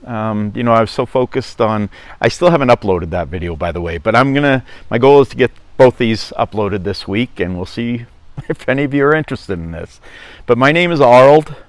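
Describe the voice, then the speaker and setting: A man's voice: mid-range voice, animated, brisk, dry recording. A middle-aged man from Norway with a Norwegian accent, chatting casually and rambling on his vlog, often correcting himself. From Norway (Stavanger). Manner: rambling, self-correcting, chuckling. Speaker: vlogger.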